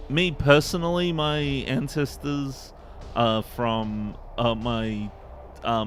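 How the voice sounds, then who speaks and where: On a game stream, a man with an Eastern Australian accent chats in a rambling, easygoing manner and laughs a lot. His voice sits on the lower side with a fairly bright tone.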